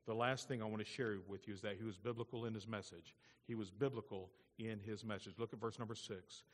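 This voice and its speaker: A man preaching a sermon to his congregation, moving from hushed, intimate asides to loud, impassioned passages and turning to the listeners with quick questions. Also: lowish voice, fairly even intonation. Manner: addresses the congregation directly with tag questions. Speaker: pastor. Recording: long reverb of a large hall.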